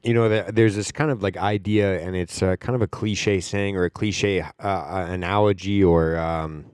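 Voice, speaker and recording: A man's voice: sits low, fairly even intonation, normal speed, a little mellow, clear, resonant tone, dry recording, clean studio sound. A man hosting a podcast, talking in a rambling casual monologue with lots of fillers and the odd swear word. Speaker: podcast host.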